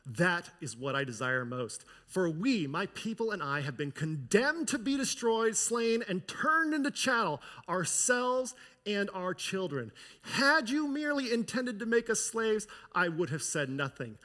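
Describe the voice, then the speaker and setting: A man's voice: high-pitched, sing-song, slow pace, hardly any pauses, big-room sound, full character voice. A man reading a brave queen's formal plea. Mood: pleading. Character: brave queen pleading before her king.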